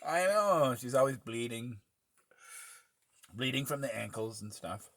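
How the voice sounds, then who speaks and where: A man in casual podcast chat, riffing deadpan, absurd jokes and tall tales. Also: mid-range voice, a little slow, no echo, clean studio sound.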